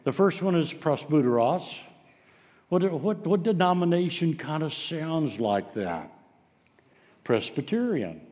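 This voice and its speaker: A man's voice: fairly high pitch, big pitch swings, unhurried, darkish tone, in a large hall. A man preaching a sermon, telling stories in a folksy way with frequent filler sounds. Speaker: pastor.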